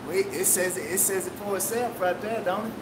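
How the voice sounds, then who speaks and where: Man over loud traffic rumble. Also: steady tone, brisk. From Louisiana. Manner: laid-back, proud, slangy. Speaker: rapper and detailer. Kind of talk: casual chat. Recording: loud vehicle rumble outdoors.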